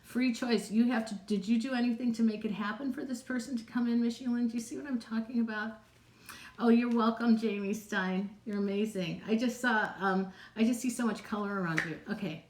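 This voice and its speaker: A woman's voice: fairly high pitch, fairly even intonation, a little fast, a little mellow, slight background noise. A woman psychic chatting casually on a live stream, answering viewers' questions in a rambling way with frequent laughs. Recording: roomy, echoey room sound.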